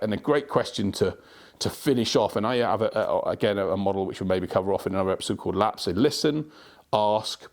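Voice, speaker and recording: A man hosting a solo podcast, giving advice in a rambling way with many restarts and repeated words. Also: lowish voice. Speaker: podcast host.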